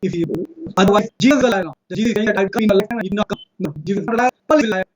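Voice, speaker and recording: Indian guy ranting super fast in a religion debate, high voice, keeps repeating himself. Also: rough recording. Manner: insistent, repeats points, cites verses rapidly. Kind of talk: fast polemical debate monologue.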